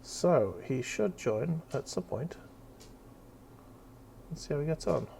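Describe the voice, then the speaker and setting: A man's voice: a little high, animated, takes it slowly, gravelly, darkish tone, a little hiss or hum. A man hosting a casual painting stream, chatty and loose, swearing now and then and fumbling with his setup. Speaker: stream host. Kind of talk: casual chat while painting.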